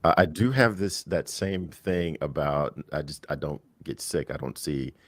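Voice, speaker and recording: A man with an extremely deep voice tells a casual, self-mocking story on a live online panel. He is wry and amused and uses a lot of fillers. The sound is dry and close, with no room echo. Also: measured pace. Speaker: mastermind panel member.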